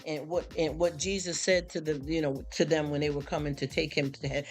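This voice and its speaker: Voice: medium pitch, level tone, a little fast. A live streamer, tired after a long work shift, rambling through a casual faith talk and often asking "you understand?". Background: faint background music.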